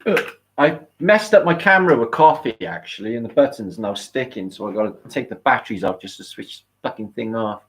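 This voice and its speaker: Casual British male streamer, mid-pitched, rambling and profane, reading out chat names. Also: expressive, fairly quick, fairly bright tone. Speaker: livestream host.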